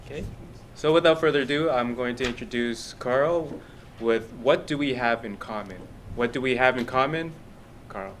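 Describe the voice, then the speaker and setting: A man's voice: mid-range voice, normal speed, slight background noise. A man introducing the next speaker at a club meeting. He reads out the objectives politely and methodically, with small slips. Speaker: speech evaluator.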